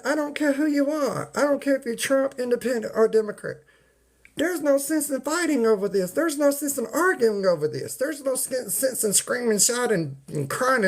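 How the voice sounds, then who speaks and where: A livestreamer ranting to viewers in a folksy, preachy way, repeating points and greeting people in the chat by name. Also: medium pitch. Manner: folksy, uses y'all and ain't. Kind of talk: casual live-stream rant to viewers.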